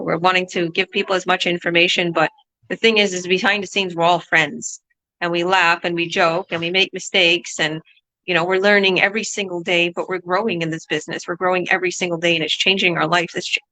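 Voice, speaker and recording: A woman's voice: on the low side, sharp tone, low-quality recording. A woman business coach hosting a motivational online talk, upbeat and preachy, often repeating herself.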